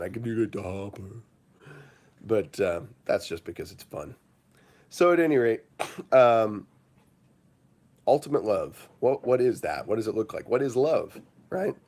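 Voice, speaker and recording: A man's voice: lowish voice, darkish tone, slightly rough. A man hosting a casual morning livestream, rambling with lots of fillers and breaking into laughter. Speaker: livestream host.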